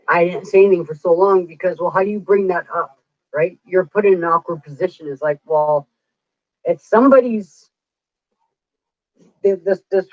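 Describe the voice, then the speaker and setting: A woman's voice: fairly low pitch, dry recording. A woman in her forties, a psychic streamer, telling stories in a chatty, rambling way and acting out what people said. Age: 40s. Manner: chatty, rambling, acts out quoted dialogue. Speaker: psychic livestreamer. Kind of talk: casual livestream storytelling. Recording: dull lo-fi dry sound.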